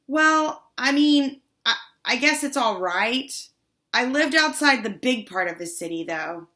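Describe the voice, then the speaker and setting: A woman's voice: on the high side, expressive, measured pace, bright, forceful tone, voice pushed up. A woman voicing a blunt, tomboyish fifth-grade girl who stumbles over her words, in an audiobook. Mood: awkward. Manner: hesitant, stumbling.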